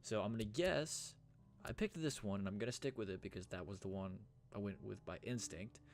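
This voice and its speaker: A man's voice: lowish voice, brisk. A man casually commenting as he plays through a game, joking, self-deprecating and swearing freely. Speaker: let's player.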